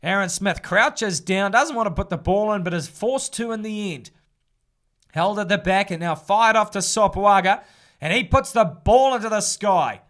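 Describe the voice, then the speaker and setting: A man doing casual live play-by-play rugby commentary, brisk and chatty. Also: high-pitched, fairly bright tone. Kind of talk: live fan sports commentary.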